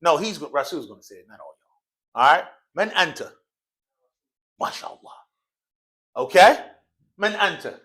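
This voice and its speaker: A man leading an Arabic lesson in a mosque classroom talks a little fast in a slightly high, animated voice with a sharp tone, pausing often. He has students repeat after him, joking and laughing regularly in loose, slangy speech.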